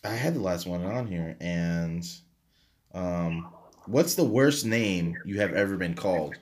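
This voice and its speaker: Deep-voiced rambling man. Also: animated, unhurried, darkish tone. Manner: rambling, filler-heavy, self-deprecating. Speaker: podcast co-host. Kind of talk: casual chat.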